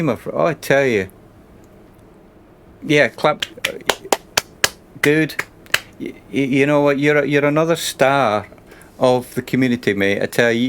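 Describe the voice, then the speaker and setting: A man streaming a bus-driving game, chatting and thanking viewers in an emotional, rambling way. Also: mid-range voice.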